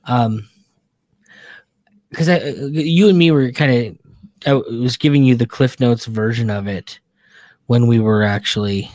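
A man guest on a podcast, chatting casually and correcting facts with a relaxed, rambling way of explaining. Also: mid-range voice, measured pace, pauses often, no echo. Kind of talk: casual chat.

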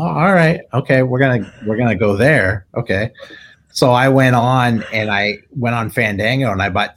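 A middle-aged man, a tattoo artist, telling a personal story in casual conversation and acting out what others said. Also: mid-range voice. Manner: animated storyteller, acts out quoted voices.

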